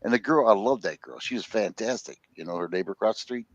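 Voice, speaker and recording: An older man in his sixties tells rambling stories and cracks jokes in a casual group chat. His voice sits low and sounds dry and close, picked up on a phone. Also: fast talker, no room sound, muffled recording. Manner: joking, rambling storyteller. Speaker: host.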